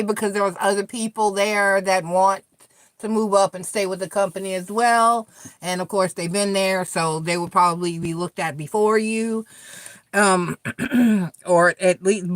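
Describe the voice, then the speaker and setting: A tarot reader in middle age hosts an easygoing live chat, addressing viewers directly in a frank, chatty way and cursing frequently. Her voice is mid-range, and the recording has no room sound.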